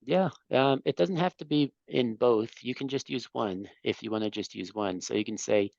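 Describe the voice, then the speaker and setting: A man's voice: medium pitch, normal speed, creaky, hardly any pauses, a little mellow, dry recording, lo-fi sound. A man teaching an English class, patiently explaining grammar and correcting students.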